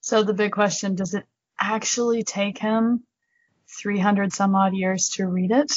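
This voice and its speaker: A woman's voice: mid-range voice, steady tone, measured pace, dry recording, muffled recording. A woman in a casual book discussion, curious and questioning, telling stories loosely.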